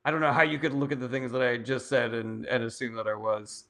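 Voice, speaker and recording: A man's voice: mid-range voice, steady tone, fast, fairly bright tone. A man hosting a casual livestream Q&A, answering viewer questions bluntly and swearing often. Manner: blunt, profane, reads viewer comments aloud. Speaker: political livestream host.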